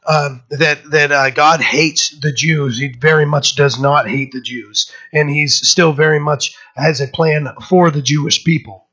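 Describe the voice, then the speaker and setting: Bright-voiced man preaching with emphatic energy. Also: steady tone, a little slow, hardly any pauses, highs cut off. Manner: emphatic, conversational preaching with many fillers and restarts; acts out quoted voices with sudden lifts in pitch. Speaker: pastor. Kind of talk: sermon.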